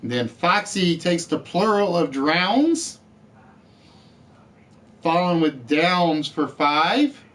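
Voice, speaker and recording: A man's voice: a little high, sing-song, takes it slowly, pauses often, a bit bright. A man hosting a live-streamed word game show, chatty, reading out letters and scores and joking with the players.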